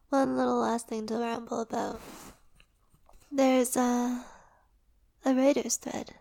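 A woman rambling casually in a relaxed, sleepy way while lying down, her voice soft and often dropping to a whisper. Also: a little high, slow, creaky, long pauses. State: drowsy, lying down. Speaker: audio performer and creator.

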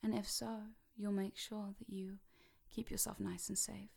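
A woman guiding a hypnosis session, dropping to slow whispers to sink the listener and lifting her voice to wake them, counting slowly. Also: mid-range voice, level tone, gravelly, husky. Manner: switches between sinking whispers and bright rising calls.

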